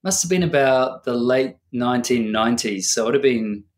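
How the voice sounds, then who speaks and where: A man, answering a podcast interview in a thoughtful, earnest way and pausing to find his words. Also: mid-range voice, expressive, reverberant. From New Zealand. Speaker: podcast guest.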